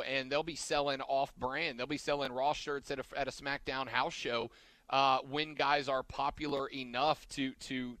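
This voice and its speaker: Male podcast host, bright dry voice, rambling and conversational, restarts his sentences often. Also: mid-range voice, no room sound. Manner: rambling, trails off and backtracks mid-sentence. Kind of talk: casual wrestling podcast chat.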